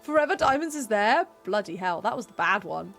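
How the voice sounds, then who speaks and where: A woman's voice: medium pitch, big pitch swings, fairly quick, creaky, a bit bright, soft background music. A woman who streams games, chatting casually, laughing often and reading the game text aloud. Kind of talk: casual gameplay commentary.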